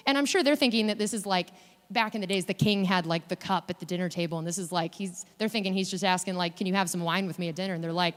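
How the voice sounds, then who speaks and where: A woman giving a guest sermon in a chatty, animated way, acting out quoted voices as she talks. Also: medium pitch, brisk. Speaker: guest preacher. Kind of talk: conversational sermon. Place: church sanctuary. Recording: long hall reverb in a church.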